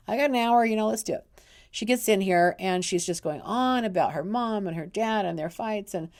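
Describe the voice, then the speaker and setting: A woman's voice: medium pitch, darkish tone. A middle-aged woman, an intuitive counselor, telling a personal story in a casual, earnest way, often restarting and repeating words.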